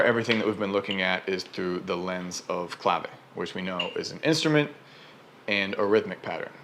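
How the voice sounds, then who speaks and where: A man's voice: on the low side, fairly bright tone. A man explaining rhythm and counts as a dance instructor, sometimes counting beats and vocalizing patterns aloud.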